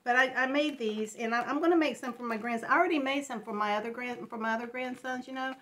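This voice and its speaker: A woman in her fifties talking through tears in a personal home vlog, halting and restarting often. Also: on the high side, a bit bright. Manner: halting, tearful, many restarts. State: crying. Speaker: vlogger.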